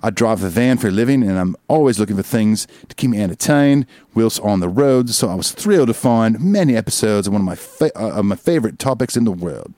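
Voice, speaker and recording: A man's voice: lowish voice, expressive, a little fast, hardly any pauses, warm tone, dry recording, studio quality, natural voice. A man voicing a cheerful Australian male van driver as he reads a listener's email aloud on a podcast, slipping into laughter. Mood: cheery. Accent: put-on Australian. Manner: breaking into laughter while reading.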